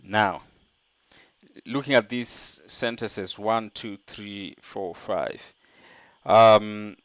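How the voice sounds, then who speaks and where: A man's voice: on the low side, no room sound, muffled recording. A man teaching an online French lesson, explaining step by step and translating French phrases into English.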